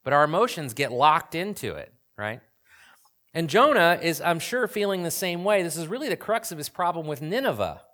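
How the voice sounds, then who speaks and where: A man's voice: a little high, big pitch swings, moderate pace, pushed and bright. A man in his forties preaching a sermon in a conversational way, often asking the audience questions. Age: 40s. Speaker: pastor.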